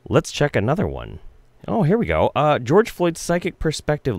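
A man's voice: medium pitch, big pitch swings, moderate pace, no echo. A man doing sarcastic, mocking reaction commentary, swearing freely. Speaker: commentary YouTuber.

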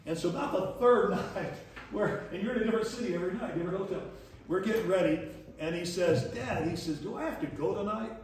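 A man's voice: high voice, quick pace. A man teaching a leadership lesson as a pastor, telling stories in a folksy, chuckling way and acting out the dialogue. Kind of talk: storytelling sermon lesson. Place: church hall. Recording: echoey distant church room recording.

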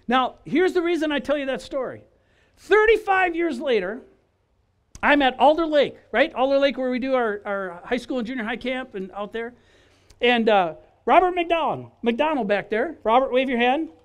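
A middle-aged man tells his personal testimony at an outdoor church gathering in a high-set, expressive voice. His delivery is loose and conversational, and he acts out the people in his stories. He keeps checking in with the crowd as he goes. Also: moderate pace, smooth. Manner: animated, conversational, acts out quotes, frequent "right?". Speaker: guest speaker giving testimony. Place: outdoor church service in a park.

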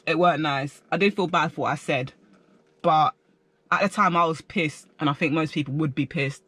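Young man, slangy animated storyteller, storytime vlog, bright tone, dry close sound. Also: on the high side, normal speed, dry recording. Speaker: vlogger.

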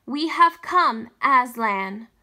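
A woman's voice: on the high side, animated, extremely slow, sharp tone, exaggerated voice. A woman reading a storybook aloud, voicing an earnest young boy, the eldest brother, in a hesitant, sincere voice.

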